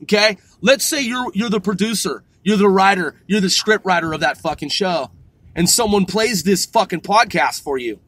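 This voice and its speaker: A man's voice: high voice, normal speed, a bit bright, slightly rough, no room sound. A man hosting a podcast, ranting sarcastically from his car and swearing constantly. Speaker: podcast host. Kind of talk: profane ranting monologue.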